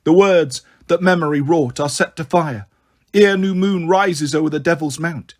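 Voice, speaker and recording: Possessed girl intoning verse in a flat monotone, read by a man, slow storybook delivery. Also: fairly high pitch, close to an everyday voice. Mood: solemn chanting. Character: possessed girl chanting prophecy, deep monotone.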